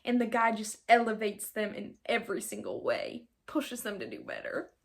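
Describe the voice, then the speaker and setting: Giggly and self-mocking, a nineteen-year-old woman rambles through a casual solo episode of her podcast, occasionally adopting an accent. Her voice sits on the high side and sounds very animated, moving at a normal speed.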